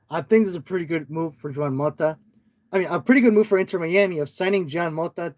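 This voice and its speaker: A man's voice: on the high side, darkish tone. A man co-hosting a casual soccer podcast over an online call, often hesitating and restarting his phrases. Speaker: podcast co-host.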